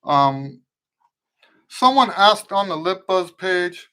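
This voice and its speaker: A man's voice: high voice, lively intonation, takes it slowly, long pauses, bright, forceful tone, clear, resonant tone. A middle-aged man with a mixed American accent rooted in Western Pennsylvania, a trumpet teacher hosting a casual live Q&A and often restarting and rewording his sentences. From eastern United States. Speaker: trumpet teacher and show host.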